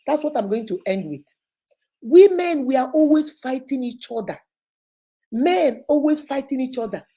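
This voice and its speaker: A woman hosts an advice show and lectures her listeners in an animated, preachy way, throwing one rhetorical question after another. Her voice sits a little high but sounds warm and mellow. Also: normal speed, husky. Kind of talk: casual advice commentary.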